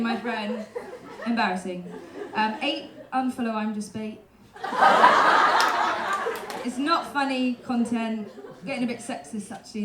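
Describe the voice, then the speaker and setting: A young woman with a London accent doing live stand-up comedy in a pub room, listing cheeky tips in a deadpan way with lots of "um"s. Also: fairly high pitch. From London, England. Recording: echoey room, loud crowd laughter.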